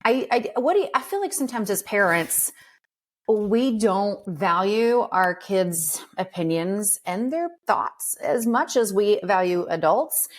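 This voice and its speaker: A woman's voice: medium pitch, expressive, a little slow. Eager female podcast host. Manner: eager, self-reflective, with many restarts and fillers. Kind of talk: podcast interview, casual questioning.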